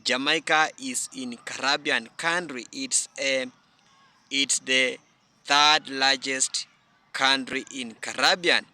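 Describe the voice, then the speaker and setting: A man from Africa hosting a commentary channel, reacting to a clip in an earnest, halting way with frequent restarts. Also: medium pitch, steady tone, sharp tone.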